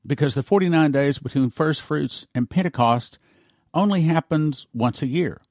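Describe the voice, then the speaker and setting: A man's voice: on the high side, darkish tone, no room sound, studio quality. A man who hosts a prophecy talk show, earnestly explaining current news, reading articles aloud and spelling out names. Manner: earnest, lays out points slowly and spells words out.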